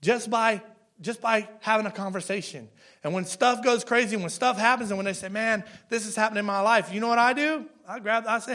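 Pastor, male, high and bright-toned voice, chatty sermon delivery with restarts. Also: fairly quick. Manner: conversational preaching with frequent restarts and "right?" asides.

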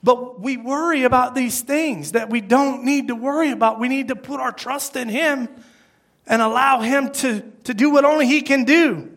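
A man preaching a sermon as pastor, acting out quoted lines and swinging between loud bursts and hushed asides. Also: very high-pitched, moderate pace.

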